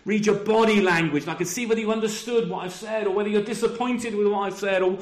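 Middle-aged guy preaching, high voice, chatty w lots of "isn't it?", roomy echo. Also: fairly even intonation, fast talker. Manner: conversational, with frequent tag questions. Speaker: pastor. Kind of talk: sermon.

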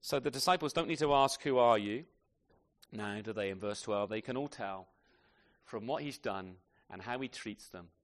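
A man preaching a sermon to a congregation with children, asking tag questions and swinging from loud emphasis to soft, quiet phrases. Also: on the low side, moderate pace. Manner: animated, asks tag questions often.

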